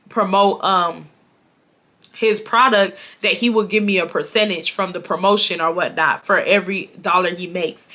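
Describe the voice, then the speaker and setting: A woman's voice: mid-range voice, sharp tone. A woman, telling a casual storytime and repeating phrases for emphasis. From Houston, Texas. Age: 20s. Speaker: storytime YouTuber.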